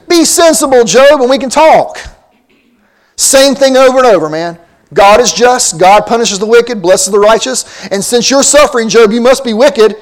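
A man preaching a sermon, reading scripture aloud and explaining it emphatically, with rhetorical questions to his listeners. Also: very high-pitched. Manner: reads scripture aloud in old-fashioned wording, then explains in plain talk.

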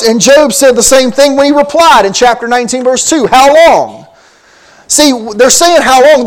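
A man with a notably high voice preaches a sermon. He reads passages of old-fashioned scripture aloud, then explains them in plain, emphatic talk, asking his listeners rhetorical questions and repeating key points. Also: creaky.

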